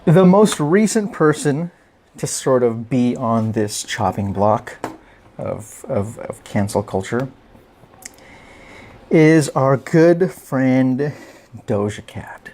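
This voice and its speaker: A male podcast host talks at an unhurried, slow pace in a casual monologue. His voice sits at a medium pitch, and his delivery is wry and joking. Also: a little mellow, a little hiss or hum.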